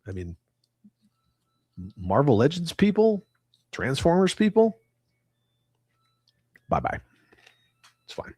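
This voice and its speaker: Middle-aged male streamer, swearing rant, lively swinging pitch, dry close sound. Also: slow pace, pauses often, husky, no room sound. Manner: profane, ranting, reads chat aloud. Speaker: livestream host. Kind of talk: casual livestream chat.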